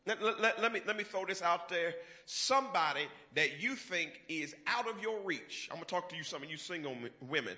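Male preacher, high and very bright, builds from low asides to shouted, stretched-out calls. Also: expressive. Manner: rising to loud, drawn-out preaching with call-and-response. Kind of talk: sermon.

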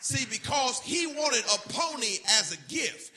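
A man's voice: extremely high pitch, lively intonation, a little slow, bright, forceful tone, faint music behind. A man preaching a church sermon, telling homely stories and speaking straight to his congregation. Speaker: pastor. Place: church service.

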